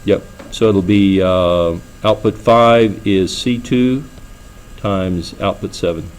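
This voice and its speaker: A man's voice: low-pitched, takes it slowly, clear, resonant tone, low-quality recording. Man lecturing a classroom, chatty. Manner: conversational, asks students frequent checking questions. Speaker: engineering lecturer.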